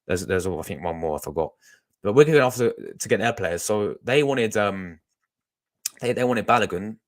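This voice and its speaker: With a lowish voice, lively intonation, and a moderate pace, a young fan channel host rambles chattily to his live-stream audience. He addresses the chat directly and keeps restarting what he says.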